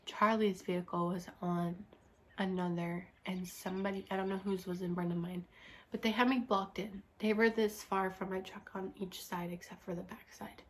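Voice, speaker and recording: A woman's voice: medium pitch, fairly even intonation, moderate pace. A young woman telling a rambling, frustrated story from her school days in a casual chat style, full of "like" and restarts. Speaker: vlogger.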